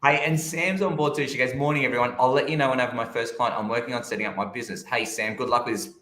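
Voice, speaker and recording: With a mid-range voice and a quick pace, a man co-hosts a casual chat in a roomy-sounding recording. His storytelling is animated, and he acts out what people said.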